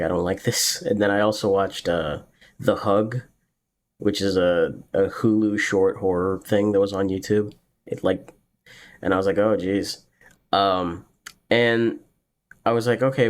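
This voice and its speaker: A man's voice: sits low, a little hiss or hum. A young man telling a personal story in a casual, rambling way, full of fillers, now and then laughing at his own tale. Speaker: podcast host.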